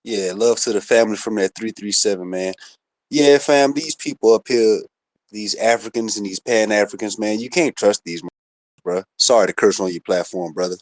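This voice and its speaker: A man's voice: lowish voice, normal speed, no echo. A man from Louisiana calling in to a live show, talking in casual, slangy, heated speech. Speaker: caller.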